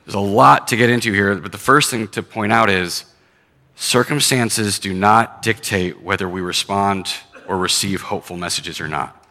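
A man preaches a sermon in an earnest, conversational way, slipping between scripture reading and plain talk. His voice sits fairly low but sounds bright and forceful. A long reverb trails after his words, as in a big hall. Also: normal speed. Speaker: pastor.

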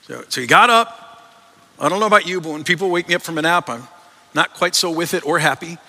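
A male pastor with a very bright, keen edge to a voice pitched a little above most men's. He preaches in an earnest, conversational way, restarting words as he thinks aloud. His voice rings through a church with a long reverb trailing each phrase. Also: fast. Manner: earnest, conversational, frequent word repeats. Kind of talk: sermon. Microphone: microphone. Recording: long reverb in a large hall.

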